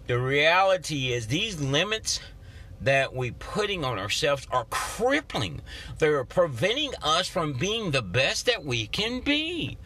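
This is a man giving an energetic motivational talk on his podcast. His voice is a little high for a man and bright, and he moves through it with big swings in pitch. He coaches like a folksy preacher. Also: slow. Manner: energetic, animated, acts out his own inner voices. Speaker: podcast host.

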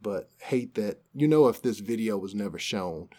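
This man co-hosts a podcast, casually recounting a news story and performing the quotes as he goes. His voice is fairly low and warm, with lively intonation at a normal speed.

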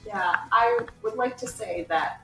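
A woman's voice: mid-range voice, measured pace, gravelly, sharp tone, soft background music. A young woman chatting casually in a giggly, earnest way. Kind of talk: casual chat. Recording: echoey room.

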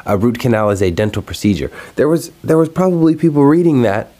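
A man's voice: mid-range voice, fast. A young man hosting his own video, ranting casually and profanely about something that annoyed him online. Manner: profane, exasperated, animated ranting. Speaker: video host. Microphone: recorded alone at home.

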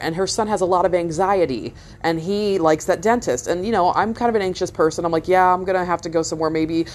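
A woman in her thirties with a slightly low voice recounts a story in a loose, rambling way. She swears freely and trips over her own words, and her pitch rises and falls as she gets animated. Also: a little hiss or hum. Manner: rambling, profane, animated retelling with many fillers. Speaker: mother telling a story. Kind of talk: casual storytelling.

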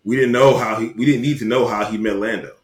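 A man's voice: lowish voice, fairly even intonation, fast. A young man co-hosting a podcast, bantering casually and teasing his friend with playful indignation. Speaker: podcast co-host. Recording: roomy echo.

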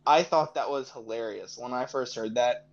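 A man's voice: medium pitch, moderate pace, dull audio. A young man co-hosting a podcast in casual chat, laughing often and rambling. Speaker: podcast co-host.

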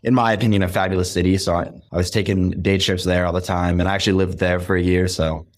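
A young man from Western Massachusetts with a very low, deep voice. He chats loosely as an interview guest, doubling back on his words and dropping "like" all through. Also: quick pace. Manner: relaxed, rambling, repeats words and says "like" often. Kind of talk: casual interview chat.

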